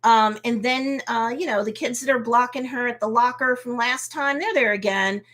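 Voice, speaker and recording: A woman hosting a casual live review of a TV episode, recapping scenes in a lively way, acting out the characters' reactions, and slipping into motherly advice. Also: on the high side, normal speed. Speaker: host and TV reviewer.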